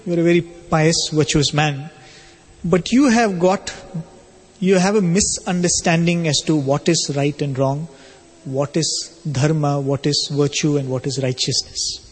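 A man speaking as a calm, virtuous housewife in a spiritual story, gently correcting a proud monk. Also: a little high, a little slow, husky, big-room sound.

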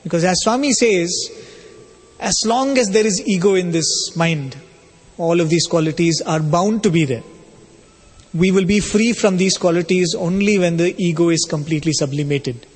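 A man giving a spiritual talk, telling a story in a measured, explanatory way. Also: high voice, a little mellow, husky. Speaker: spiritual speaker. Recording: long reverb of a hall.

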